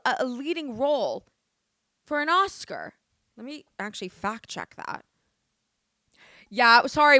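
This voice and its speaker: A woman's voice: mid-range voice, a bit bright, dry recording, studio quality. A young woman vlogging her opinions in a casual, emphatic chat, full of restarts and swearing.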